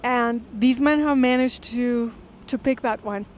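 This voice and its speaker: A woman reading a classic text aloud and pausing to explain it. She speaks in an earnest, thoughtful way. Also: a little high, darkish tone, slight background noise. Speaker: literature lecturer. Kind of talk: reading aloud with close-reading commentary.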